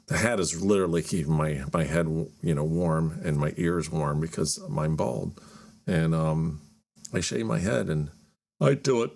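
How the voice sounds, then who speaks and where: Gravelly low-voiced rambling male host. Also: moderate pace, a little mellow. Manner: rambling, chatty, self-deprecating. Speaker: podcast host. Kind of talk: casual solo talk. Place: cold home garage.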